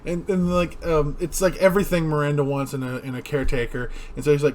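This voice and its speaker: A young man in relaxed conversation, walking through a film's plot scene by scene. His voice sits a little high for a man. A faint background hiss hangs under the recording. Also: fast talker. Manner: retelling scenes, quoting lines, laughing. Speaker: podcast co-host. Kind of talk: casual movie review chat.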